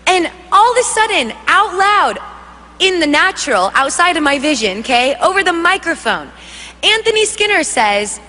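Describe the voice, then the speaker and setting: Young woman, high bright voice, lively testimony, acts out voices, reverberant church hall. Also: normal speed. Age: young adult. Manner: animated storytelling, acts out voices, laughs often. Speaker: worship leader giving testimony. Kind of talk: testimony preached to a congregation.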